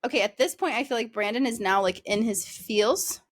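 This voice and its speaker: A woman's voice: fairly high pitch, brisk. A young woman co-hosting a podcast, chatting casually with many fillers and frequent laughter. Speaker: podcast co-host. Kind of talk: casual chat.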